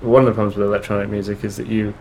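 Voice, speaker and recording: Halting, low-voiced man. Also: flat delivery, darkish tone, a little hiss or hum. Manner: halting, many restarts and fillers. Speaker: guest musician. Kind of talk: casual interview chat.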